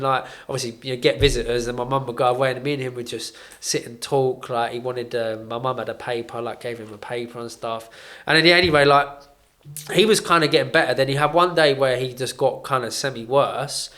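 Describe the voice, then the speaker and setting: A young man tells a story in casual podcast chat at an average pitch. He leans on fillers and acts out what others said. The room around him has a noticeable echo. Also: fairly bright tone. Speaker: podcast co-host. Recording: roomy echo.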